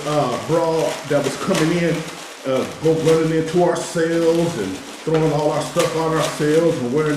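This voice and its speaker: A man from Oakland tells prison stories as he cooks, talking streetwise and animated, turning heated when he recalls a showdown. His voice sits a little high. The room is very echoey, with a faint hiss behind. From Oakland, California. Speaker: cooking vlogger telling prison stories. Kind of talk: casual storytelling while cooking.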